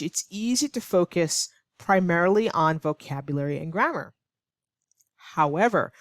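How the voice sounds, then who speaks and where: A woman teaching English online, explaining clearly and patiently, now and then acting out example lines to show tone. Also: lowish voice, dry recording, clean studio sound. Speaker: ESL teacher.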